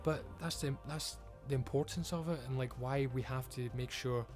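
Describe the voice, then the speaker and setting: A man's voice: medium pitch, fairly even intonation, moderate pace, darkish tone, faint music behind. A man giving an emphatic, frustrated rant as a video creator, swearing often. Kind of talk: ranting commentary.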